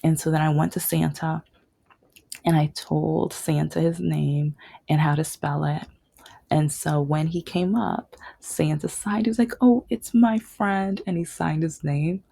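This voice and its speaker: A woman's voice: deep voice, steady tone, measured pace, gravelly, warm tone, husky, no room sound. A young woman telling a personal story, rambling with restarts and dropping to a whisper at tender moments. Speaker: vlogger.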